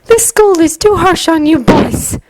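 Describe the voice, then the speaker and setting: A woman voicing a warm, worried middle-aged mother who talks in a fussing, motherly way. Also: high voice, expressive, moderate pace, pitched above the performer's own voice, rough recording.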